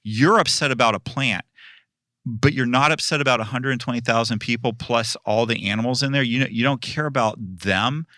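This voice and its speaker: A man voicing a patient, gracious male deity who reasons gently. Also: mid-range voice, normal speed, dry recording, studio quality, natural voice. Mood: calm pleading.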